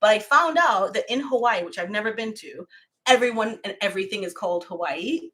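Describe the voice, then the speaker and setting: A woman's voice: medium pitch, expressive, brisk, a bit bright. Barbadian accent, young woman, gushing and chatty, live stream host. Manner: effusive, chatty, laughs often. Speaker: YouTuber hosting a live stream. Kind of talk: casual live-stream chat. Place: at home, camera set far off.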